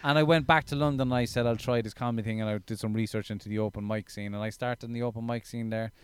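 Smooth-voiced Irish man telling stories. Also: lowish voice, quick pace. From Ireland. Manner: animated, swears freely, acts out quotes. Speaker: stand-up comedian, guest. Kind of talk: casual storytelling in a podcast interview.

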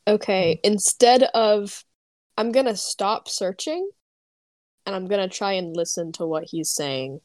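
A woman playing a tabletop game, chatty and quick to giggle. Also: medium pitch, a little mellow, dry recording. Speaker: player.

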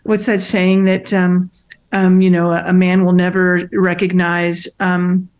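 A woman's voice: lowish voice, a little slow, smooth. Earnest middle-aged woman telling her story. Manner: animated storytelling, acts out quoted voices; restarts and fillers, earnest and emphatic. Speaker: guest, nonprofit founder. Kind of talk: conversational interview.

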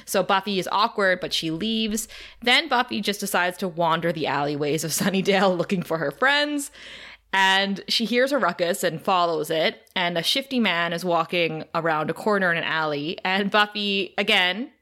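A woman co-hosting a podcast, recapping an episode in animated casual chat, laughing often and swearing. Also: fairly low pitch, normal speed. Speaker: podcast co-host.

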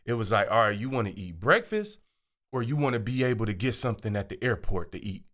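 A man hosting his own show, telling a casual, animated story and acting out the voices of people in it. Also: lowish voice, quick pace. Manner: animated, acts out quoted voices. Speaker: show host.

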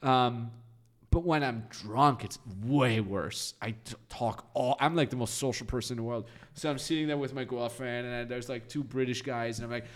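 A man in his thirties, from Austria, telling stories as a podcast guest in a lively, chatty way and acting out the voices of people in them. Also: medium pitch, fairly quick. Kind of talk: casual storytelling.

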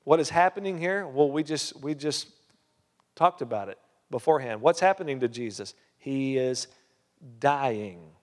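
A man's voice: medium pitch, lively intonation, normal speed, in a large hall. A man preaching a sermon as a pastor, emphatic, with many rhetorical questions. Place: church hall.

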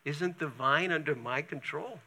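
A man voicing a patient, questioning divine figure in a sermon, asking soft, slow questions. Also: on the high side, exaggerated voice. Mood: gently questioning.

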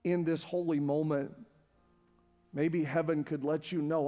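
Guy pastor preaching, high-ish voice, gets loud and fired up, big echoey church, quiet music under it. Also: unhurried. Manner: impassioned, repetitive preaching that builds to near-shouting. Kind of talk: sermon. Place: church sanctuary with live congregation. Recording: long hall reverb with faint music.

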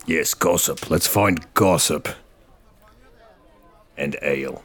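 A man's voice: extremely low pitch, slow pace, a bit bright, slightly rough. A man playing in a tabletop game, joking and sarcastic. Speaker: player. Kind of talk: casual tabletop play.

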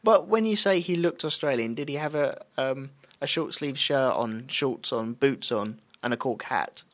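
A man's voice: mid-range voice, moderate pace, fairly bright tone, no room sound. A man co-hosting a podcast in casual chat, making wry, joking asides. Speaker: podcast co-host.

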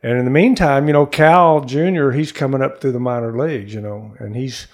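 Older male interview guest, gravelly voice, lively storyteller acting out the quotes, studio sound. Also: mid-range voice, brisk. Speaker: interview guest, former pro baseball player. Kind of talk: animated storytelling in conversation.

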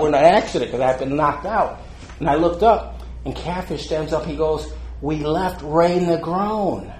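An older man with an average pitch reminisces in a loose, rambling way, often laughing and stuffing his speech with fillers. His voice rings in a roomy space, with a faint ambient hum behind it. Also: mellow. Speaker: interviewee. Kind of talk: casual storytelling.

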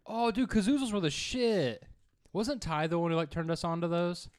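A man's voice: high-pitched, lively intonation, normal speed. A man co-hosting a podcast in casual chat, joking and swearing as he rambles. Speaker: podcast co-host.

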